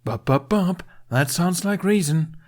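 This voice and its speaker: A man's voice: fairly high pitch, lively intonation, normal speed, voice pushed up. A man voicing a sarcastic, reckless young Viking woman with a sing-song tone.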